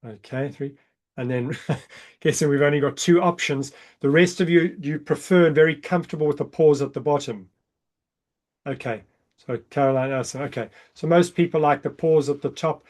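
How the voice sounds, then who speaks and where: Man guiding breathwork counts. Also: normal speed. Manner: calm counting, drops soft and low during counts. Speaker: breathwork coach. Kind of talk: guided breathing workshop. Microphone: video call.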